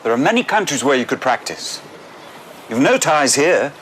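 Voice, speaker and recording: Calm persuasive man, lively pitch, film scene. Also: normal speed, a little hiss or hum. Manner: reasoning, persuasive. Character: calm man urging a friend to go abroad.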